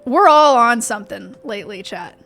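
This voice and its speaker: A woman's voice: a little high, lively intonation, normal speed, creaky, a bit bright, faint music behind. A young woman streaming from her home office, chatting with her viewers in a rambling way full of fillers and restarts. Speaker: livestreamer. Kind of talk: casual chat with stream chat.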